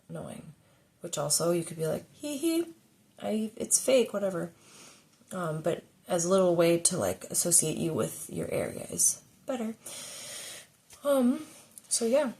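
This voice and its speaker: A woman's voice: on the low side, creaky, a little mellow. A woman vlogger chatting casually to camera and giving safety tips, rambling with lots of fillers and swearing when she's annoyed.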